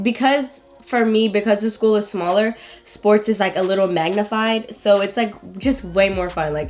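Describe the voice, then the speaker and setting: A young woman in her late teens hosting a casual vlog, chatting while eating, full of "like" and slang. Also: mid-range voice. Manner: chatty, heavy use of "like", slangy. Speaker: vlogger host.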